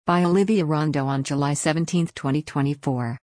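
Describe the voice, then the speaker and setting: A woman reading out a news article in a steady, even way. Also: low-pitched, brisk, no echo, clean studio sound. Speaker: news reader. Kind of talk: read-aloud news article.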